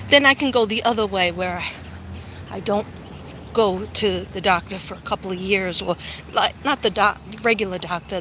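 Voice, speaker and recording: A woman's voice: mid-range voice, fairly bright tone, a little hiss or hum. A woman vlogger telling a long personal story in a rambling, chatty way while walking outdoors, talking into a phone with many ums. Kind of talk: casual walking livestream chat.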